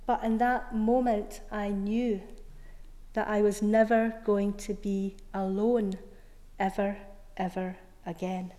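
A middle-aged woman preacher giving an Easter sermon, telling her story earnestly with soft, emphatic repetitions. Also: medium pitch, little pitch movement, slow pace, in a large hall. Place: church.

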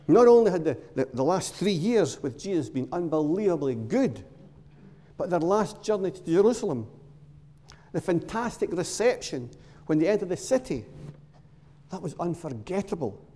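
Male preacher, mellow voice, storytelling sermon, long hall echo. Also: on the high side. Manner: storytelling, dramatic pauses and short emphatic phrases. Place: church. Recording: long reverb of a large hall.

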